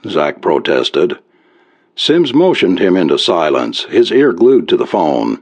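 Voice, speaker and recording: Man narrating a story in a lively voice. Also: low voice, unhurried. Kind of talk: read-aloud story narration. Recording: dull lo-fi recording.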